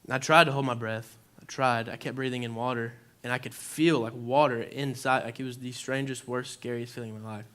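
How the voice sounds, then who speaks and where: A young preacher gives an informal sermon in church, telling a personal story conversationally, saying "like" a lot and acting out his own reactions. His medium-pitched voice is fairly even and bright, brisk with hardly any pauses.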